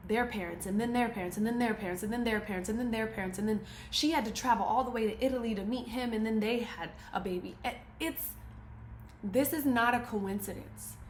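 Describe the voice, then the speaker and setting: A woman's voice: a little high, slight background noise. Emphatic woman giving a motivational talk. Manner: emphatic, preachy, repeats key phrases. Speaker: motivational speaker. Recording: roomy echo, faint ambience.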